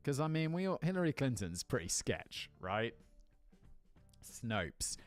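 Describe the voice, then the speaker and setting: A man's voice: mid-range voice, sing-song, normal speed, faint music behind. A man hosting a comedic commentary video, reading a script with casual, sweary, rambling asides. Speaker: video host.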